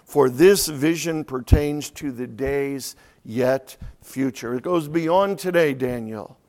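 A man preaching an expository sermon, reading verses slowly and quietly, then explaining them with rising emphasis. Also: mid-range voice.

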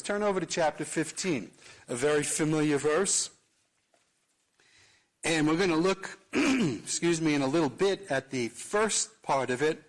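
Middle-aged male pastor, earnest measured sermon delivery, voice a touch high. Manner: earnest, measured preaching with slow emphatic pauses.

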